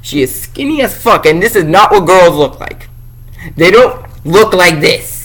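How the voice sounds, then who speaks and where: A male vlogger chatting casually about comics, excitable and jokey, rambling from one thought to the next. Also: sits high, measured pace, poor audio. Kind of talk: casual review chat.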